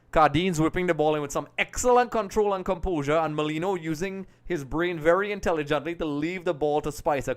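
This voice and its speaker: A young man hosting a live football watch-along, chatting to viewers and calling the match with excited bursts at chances. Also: on the high side. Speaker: watch-along streamer and commentator.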